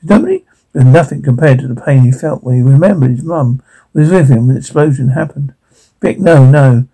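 Gravelly man narrating dramatically. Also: medium pitch, animated, fast, dark tone, low-quality recording. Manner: dramatic, reads out sound cues. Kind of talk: dramatic retelling of a show scene.

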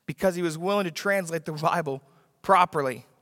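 A man's voice: on the high side, brisk, fairly bright tone, studio quality. A man preaching a sermon with emphasis, repeating his key lines for the congregation to write down. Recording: long reverb of a large hall.

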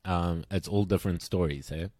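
A young man with a very deep voice jokes around on a casual podcast. He teases his co-host, pokes fun at himself and swears without a second thought. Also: moderate pace, warm tone, no room sound, studio quality. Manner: teasing, self-mocking, swears freely.

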